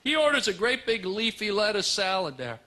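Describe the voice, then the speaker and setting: A man doing a stand-up comedy set on a club stage, animated and teasing the crowd. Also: high voice, normal speed. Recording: live club recording, audience laughter and noise.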